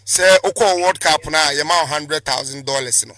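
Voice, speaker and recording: A man's voice: fairly high pitch, normal speed, bright, forceful tone. A Ghanaian man interviewing a guest on a sports show, probing and repeating his questions. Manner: probing, asks questions again.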